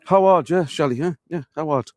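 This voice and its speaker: A man's voice: a little high, a little fast, darkish tone, no echo. An Irish man guiding a live walking tour, telling history in a chatty storyteller way and calling his viewers folks. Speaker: tour guide. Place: castle courtyard outdoors.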